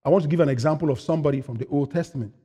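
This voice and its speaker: A man preaching a sermon as pastor, asking the congregation questions and answering them himself, swinging from loud, high-pitched preaching to quiet asides. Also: rapid-fire, slightly rough.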